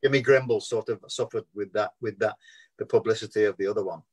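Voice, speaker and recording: A man's voice: on the low side, steady tone, fast, a little mellow, breathy edge. Scouse man telling rambling showbiz stories. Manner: rambling storyteller, acts out quoted voices. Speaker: actor being interviewed. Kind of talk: casual anecdotal chat.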